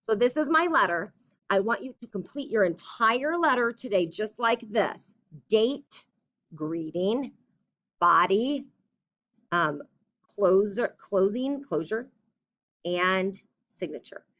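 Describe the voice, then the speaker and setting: A young woman teacher going through a writing lesson, dictating slowly and chatting in between. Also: medium pitch, lively intonation, fairly bright tone, dull audio. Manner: slow and deliberate when dictating, chatty in between. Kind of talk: recorded classroom writing lesson.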